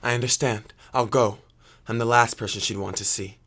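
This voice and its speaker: A man's voice: mid-range voice, fairly even intonation, normal speed, fairly bright tone. A man playing a brooding young prince. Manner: brooding, earnest, often subdued. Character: young prince torn by forbidden love. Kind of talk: stage drama acting.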